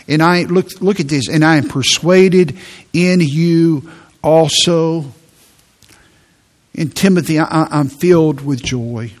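A man's voice: a little high, takes it slowly. A man preaching a sermon in an earnest tone, often repeating words as he presses a point.

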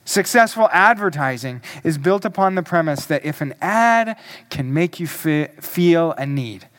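A male pastor preaching a sermon, emphatic and deliberate, asking the congregation questions. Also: a little high, expressive, a bit bright.

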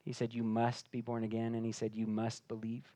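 A man preaching a sermon, swinging between hushed, intimate passages and loud, emphatic declarations. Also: mid-range voice, monotone, fairly quick, no room sound. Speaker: pastor.

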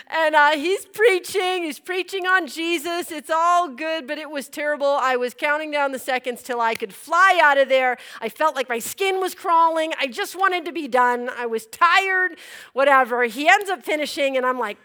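Young woman storyteller, high bright voice, lively and expressive, breaks into laughs. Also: normal speed. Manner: expressive, acts out her own reactions with laughs. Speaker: speaker telling a personal story. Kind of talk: animated personal storytelling.

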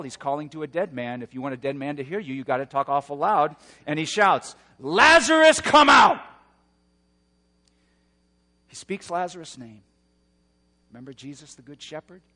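A man preaching a sermon, moving between hushed, slow passages and loud, roaring emphasis. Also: medium pitch, in a large hall. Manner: dynamic preaching, swings from hushed to shouting. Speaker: pastor.

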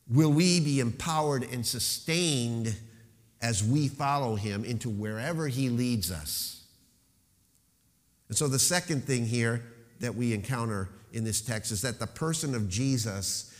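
Delivering a sermon as a pastor, a man at medium pitch preaches with emphasis, easing his pace on key phrases and slipping into rhetorical questions. A long reverb tail follows his words.

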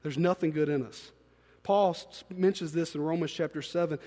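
A man's voice: a little high, fairly even intonation, moderate pace, mellow. A man preaching a sermon as pastor, reading scripture with joking asides. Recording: long hall reverb.

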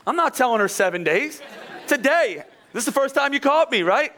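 A pastor in his forties, a man from Philadelphia, preaches in a loose, conversational way, full of asides and self-deprecating stories. His voice sits high and sounds bright and forward, and he keeps restarting phrases as he talks. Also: big pitch swings, brisk, some chatter behind. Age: 40s. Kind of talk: conversational sermon with personal stories.

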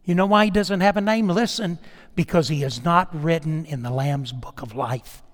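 A man preaches a sermon in a slightly raised voice, dropping to hushed asides before climbing to loud, emphatic peaks. His voice trails off into a long reverb, as in a large hall. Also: fairly high pitch, normal speed. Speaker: pastor.

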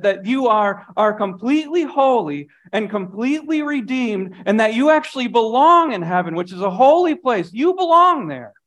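A man, a pastor, preaching a sermon earnestly, often repeating phrases and dropping his voice for emphasis. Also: high-pitched.

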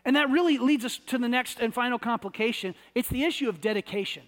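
A man's voice: very high-pitched, quick pace, a bit bright, in a large hall. A man from the United States preaching a sermon, conversational and often repeating words as he searches for the phrasing. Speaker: pastor.

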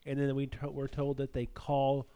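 Man hosting a Bible podcast, mid-pitched, teacherly, halting. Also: monotone, warm tone, smooth. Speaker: podcast host leading Bible study. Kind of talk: casual Bible discussion.

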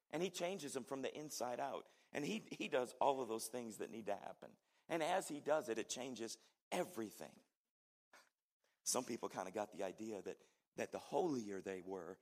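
A man's voice: lowish voice, creaky. A middle-aged male pastor preaching a sermon, telling stories in a conversational way and putting asides to the congregation.

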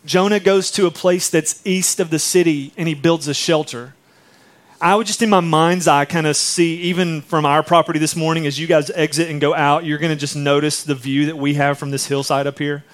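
A man's voice: on the high side, fairly quick. A man preaching a sermon in a conversational way, acting out quotes as he tells stories. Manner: conversational, animated storytelling with acted-out quotes. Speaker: pastor.

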